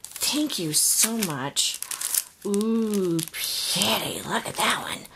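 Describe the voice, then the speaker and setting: A woman's voice: mid-range voice, lively intonation, drawn-out words, gravelly, fairly bright tone, slight background noise. A woman opening a craft swap package on video, gushing and gasping with delight at each item. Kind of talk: unboxing vlog.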